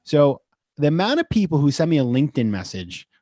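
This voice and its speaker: A man speaking as an investor guest in a casual webinar interview, acting out quoted messages with lively shifts in his voice. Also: brisk, no room sound, clean studio sound. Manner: animated, acts out quotes with rising pitch.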